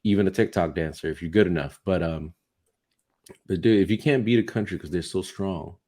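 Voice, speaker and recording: A young man co-hosting a casual comedy podcast, telling stories in an animated way and swearing a lot. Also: sits low, fairly quick. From United States. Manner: animated storytelling with heavy swearing. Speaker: podcast co-host.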